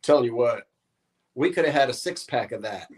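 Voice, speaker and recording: A man's voice: mid-range voice, animated, a little fast, a little hiss or hum. A man co-hosting an antiques show, chatting casually and explaining vintage glassware in detail.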